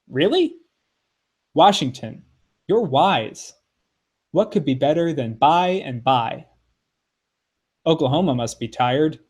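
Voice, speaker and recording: A man co-hosting a podcast, reading a poem aloud with expressive phrasing and playful asides. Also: mid-range voice. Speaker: podcast co-host. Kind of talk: podcast poetry reading and discussion.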